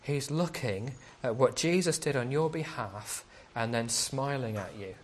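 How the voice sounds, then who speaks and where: A man's voice: mid-range voice, expressive, measured pace. A man preaching a sermon as a pastor, speaking conversationally and often asking rhetorical questions.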